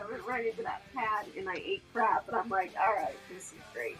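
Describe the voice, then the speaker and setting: A woman with a husky voice, co-hosting a casual podcast and telling stories with swearing and laughter. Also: mid-range voice, fast, few pauses, fairly bright tone, soft background music, rough recording. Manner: laughing, profane storyteller. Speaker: podcast co-host. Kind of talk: casual chat.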